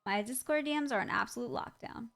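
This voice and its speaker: A woman's voice: fairly high pitch, quick pace, gravelly, fairly bright tone. A woman live streamer chatting casually with her viewers, blunt and swearing freely, laughing through her stories.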